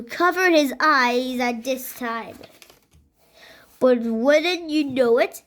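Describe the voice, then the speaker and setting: A woman reading a children's book aloud, halting and restarting over slips. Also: high voice, fairly bright tone. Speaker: reader.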